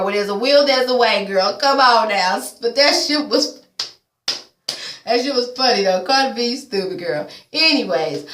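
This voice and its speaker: A woman's voice: a little high, fairly bright tone, recorded from a distance. A woman giving a blunt, profane, chatty recap of a reality TV episode, full of casual asides. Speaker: TV recap vlogger. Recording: echoey room, voice away from mic.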